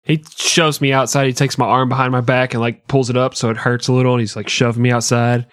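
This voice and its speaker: A man's voice: medium pitch, flat delivery, quick pace, fairly bright tone, dry recording, studio quality. A man co-hosting a comedy podcast, riffing profane bits and acting out silly scenes. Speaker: podcast co-host. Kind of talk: improvised comic banter.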